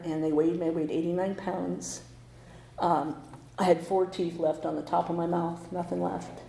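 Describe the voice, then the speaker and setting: Middle-aged american woman telling her story, wry and candid, low mellow voice, echoey hall. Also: creaky. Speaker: speaker sharing her story. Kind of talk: recovery meeting talk. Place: meeting hall.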